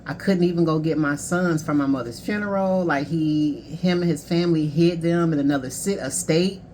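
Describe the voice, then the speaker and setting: A woman's voice: sits low, moderate pace, darkish tone, slight background noise. A woman in her thirties, a life coach, candidly telling a painful personal story in a casual, conversational way. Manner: candid, conversational, emotional, quoting others.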